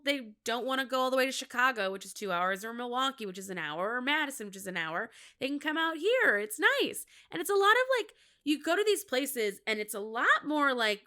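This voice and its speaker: A woman's voice: fairly high pitch, pushed and bright, smooth. A woman in her thirties from Minnesota with a Midwestern accent, chatting candidly and jokily on her own podcast. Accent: Midwestern American. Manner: candid, self-mocking, jokey with laughs. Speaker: comedian podcast host. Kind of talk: casual solo podcast chat.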